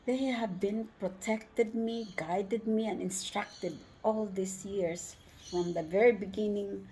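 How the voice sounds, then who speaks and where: A woman's voice: medium pitch, steady tone, slow, mellow, slight background noise. A woman telling a personal travel story in a spiritual vlog, effusive and devout, rising to joyous exclamations and dropping to whispers. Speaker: vlogger.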